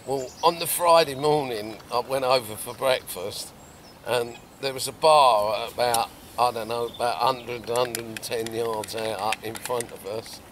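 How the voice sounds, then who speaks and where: A middle-aged man, a carp angler, telling a fishing story outdoors by a lake in a lively, animated way with loud bursts. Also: mid-range voice, measured pace, noisy background. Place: outdoors at a lakeside swim.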